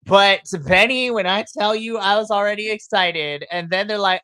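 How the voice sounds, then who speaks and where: An excitable man co-hosting a wrestling podcast, full of swearing and loud acted-out reactions. His voice is bright and sits close and dry on the mic. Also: high-pitched, normal speed, few pauses, smooth, no echo. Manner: excitable, swears, animated retellings with shrieks and laughs. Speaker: podcast co-host. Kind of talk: casual wrestling recap chat.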